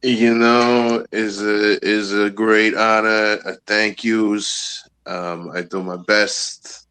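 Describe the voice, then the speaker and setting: Slow, bright-voiced joking man. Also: on the low side, flat delivery, smooth. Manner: joking, mock-humble, puts on odd accents. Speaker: panel guest. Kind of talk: casual chat.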